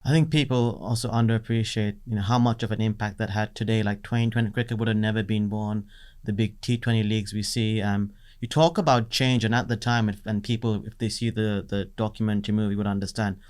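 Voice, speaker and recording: Man, podcast interviewer, conversational, fillers, lowish voice. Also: fairly even intonation, brisk, a little mellow, clear, resonant tone.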